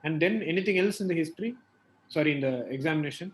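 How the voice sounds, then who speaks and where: A man's voice: on the high side, fast talker. A man leading a clinical teaching discussion, quizzing a student and explaining step by step with frequent checks like "right?".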